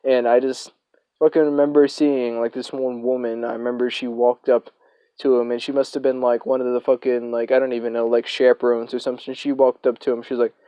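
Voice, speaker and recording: A man's voice: medium pitch, little pitch movement, brisk, mellow, clean tone, no room sound. A young man telling a casual storytime, rambling and swearing with lots of fillers. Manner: rambling, profane, filler-heavy.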